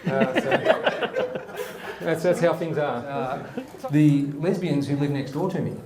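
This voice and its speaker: A man's voice: fairly high pitch, sing-song, takes it slowly, reverberant, background noise. A man hosting and doing stand-up, talking casually with many fillers. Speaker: host and comedian. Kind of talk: stand-up comedy.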